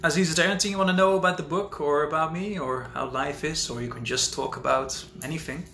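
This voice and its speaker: Talkative man host, casual livestream chat, bright voice, roomy echo with faint ambience. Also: a little high, fairly even intonation, fast, vocal fry, slight background noise. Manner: rambling, talkative, thinks out loud. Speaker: author hosting a live Q&A.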